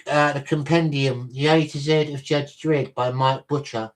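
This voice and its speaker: A man's voice: mid-range voice, fairly even intonation, normal speed. A man hosting a casual livestream, reading aloud from a reference book, stumbling and repeating words and breaking off to greet viewers in chat.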